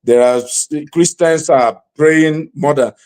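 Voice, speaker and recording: A man's voice: a little high, takes it slowly, darkish tone. A man from Nigeria hosting a panel talk show, hedging with lots of "you know" as he steps into the debate.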